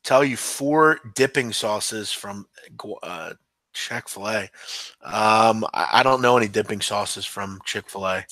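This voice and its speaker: This man runs a podcast and loosely answers viewers during a live-stream chat, wandering and hesitating with frequent ums and restarts. He speaks a little slowly in a lowish, slightly bright voice, recorded without echo.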